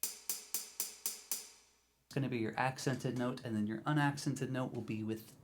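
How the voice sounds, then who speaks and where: A man teaching drums, explaining grooves in a relaxed, encouraging way, counting in and scatting rhythms. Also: medium pitch, unhurried, over music. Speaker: drum teacher. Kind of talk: instructional video talk.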